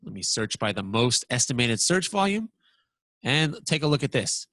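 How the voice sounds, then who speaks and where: Guy walking thru software, bright voice, dry close mic, gets all excited and trips on words. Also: medium pitch, normal speed, no echo. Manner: excitable, animated, stammers when surprised. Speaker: presenter. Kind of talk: software walkthrough lesson.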